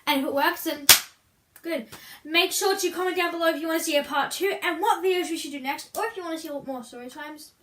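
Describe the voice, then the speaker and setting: A woman's voice: sits high, fairly bright tone, a little hiss or hum. A woman co-hosting a casual story-time video, jumping in with teasing jokes and questions. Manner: teasing interjections and quick jokes. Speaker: co-host. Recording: echoey room from a distant mic.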